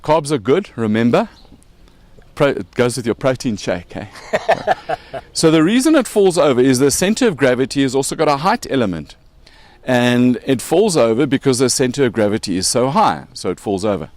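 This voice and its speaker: A man's voice: mid-range voice, big pitch swings, moderate pace, darkish tone. A man with a South African accent hosting a casual show, explaining with props and joking along the way. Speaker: podcast host.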